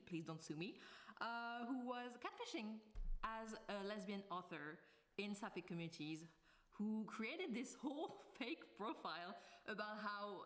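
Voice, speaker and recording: Chatty woman book vlogger. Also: mid-range voice. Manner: chatty, tangents, frequent laughter. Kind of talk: casual commentary to camera.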